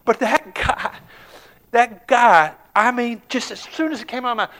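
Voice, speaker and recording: A man preaching a sermon, telling a story, swinging from hushed murmurs to emphatic shouts. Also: very high voice, moderate pace.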